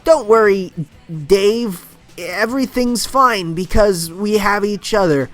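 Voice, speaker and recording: A man squeaking as a tiny cheerful cartoon hedgehog. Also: slow pace. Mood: chipper. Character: tiny sweet male cartoon hedgehog hero.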